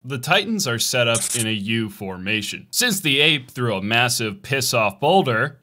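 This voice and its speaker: A man narrating a comedic recap in a sarcastic, crude way, dropping deadpan asides. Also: medium pitch. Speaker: video narrator.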